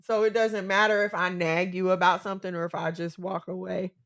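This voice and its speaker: A woman's voice: fairly low pitch, flat delivery, a little fast, a bit bright. A woman co-hosting a casual chat, giving earnest, faith-based relationship advice and repeating phrases for emphasis.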